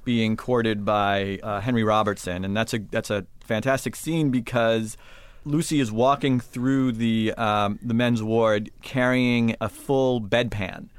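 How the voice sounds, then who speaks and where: A man's voice: fairly low pitch, steady tone, a little slow, smooth, no echo. A man hosting a podcast, chatting casually and asking his guests questions. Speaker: podcast host. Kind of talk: casual interview chat. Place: Los Angeles studio.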